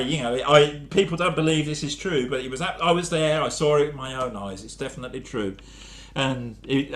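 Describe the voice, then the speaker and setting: A man's voice: medium pitch, a bit bright. A man from England, a poet, chatting casually between short comic poems with dry, self-deprecating humour and rambling asides. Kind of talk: casual spoken-word talk reading short comic poems.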